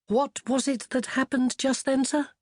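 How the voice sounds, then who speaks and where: An earnest, oddly posh young boy, as a reader puts him on, lifted in pitch and politely deferential. His careful questions come through a dry, close audiobook recording. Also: flat delivery, measured pace, a little mellow, dry recording. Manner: polite and deferential, says sir.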